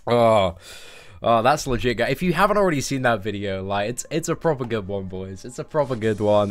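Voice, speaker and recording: A man chatting excitedly and casually on a live game stream. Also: lowish voice, brisk.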